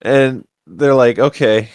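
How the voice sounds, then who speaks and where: Podcast co-host, male, animated storyteller, dry booth sound. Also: medium pitch, normal speed, dry recording. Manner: animated, acts out characters with jokey voices. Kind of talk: casual movie rewatch chat.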